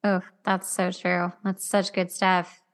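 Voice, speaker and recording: A woman's voice: on the low side, monotone, slow. A woman hosting a podcast who asks questions in a friendly, upbeat way and affirms her guest. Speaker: podcast host. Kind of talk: casual podcast chat.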